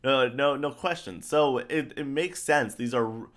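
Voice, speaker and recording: Man, casual chat, excited, rambling, repetitive. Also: mid-range voice, a little slow. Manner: excited, rambling, repeats himself. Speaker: podcast co-host. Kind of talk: casual pop-culture chat.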